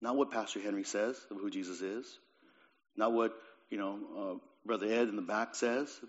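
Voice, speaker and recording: A man preaching a sermon, rising to emphatic lines and then dropping to quiet ones, often repeating words as he goes. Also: fairly low pitch, steady tone, moderate pace. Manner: swings between raised emphatic lines and quiet, dropped phrases. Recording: dull lo-fi recording.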